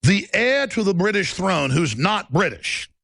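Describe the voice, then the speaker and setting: A man delivers exasperated, sarcastic political commentary in a husky, gravelly voice. He sits a little high for a man. The sound is dry and close, with a faint guitar track running behind him. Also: very animated, a little slow, a bit bright, no room sound. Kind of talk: ranting commentary over music.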